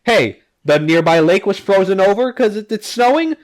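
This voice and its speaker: A man voicing a flustered, apologetic woman nanny, hurried and soothing. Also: high-pitched, animated, pitched above the performer's own voice.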